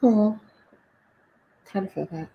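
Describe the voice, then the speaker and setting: A woman's voice: medium pitch, takes it slowly, creaky, dull audio. A young woman with a Southern US accent, co-hosting a casual chat and telling stories with frequent laughs. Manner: chatty storytelling, laughs often. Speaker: co-host.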